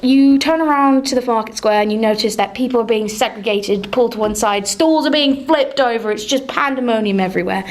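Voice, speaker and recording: A woman leads a tabletop role-playing game as game master, setting scenes and describing the action. Her voice sits fairly high. She tells the story in a lively, chatty way, with the odd filler along the way. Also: fast, hardly any pauses.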